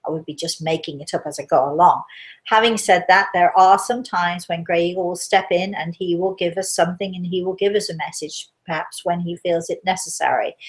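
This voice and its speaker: A woman hosting a live question show, chatting casually and rambling through stories, a little out of breath. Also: on the low side. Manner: chatty, rambling, warm storytelling asides. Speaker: host, medium. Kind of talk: casual live-stream chat.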